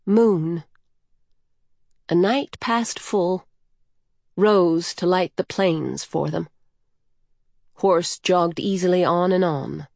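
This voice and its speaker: A woman with a fairly low voice reads scripted narration slowly, telling the story in a calm, measured way. The studio-quality recording has no room sound.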